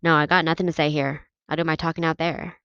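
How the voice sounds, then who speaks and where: A woman's voice: low voice, level tone, fast talker, clear, resonant tone, no room sound, muffled recording, lightly acted. A woman voicing a defiant, injured teenage boy who captains a soccer team. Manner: loud rallying shouts.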